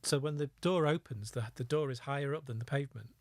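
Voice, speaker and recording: A middle-aged man tells his story in a lively, anecdotal way, often laughing at himself. His voice sits at an ordinary pitch. The sound is dry and close, with no room echo. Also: fast. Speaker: guest, former undercover police officer. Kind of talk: storytelling in a podcast interview.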